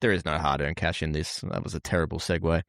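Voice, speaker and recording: A man's voice: a bass voice, fairly even intonation, fast talker, vocal fry, fairly bright tone, no echo, clean studio sound. A man, co-hosting a podcast with teasing, jokey banter. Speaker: podcast co-host.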